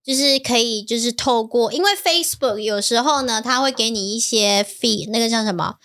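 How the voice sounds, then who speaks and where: A woman's voice: fairly high pitch, moderate pace, a bit bright. A woman co-hosting a podcast in casual chat, speaking Mandarin with English words mixed in and laughing often. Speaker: podcast co-host.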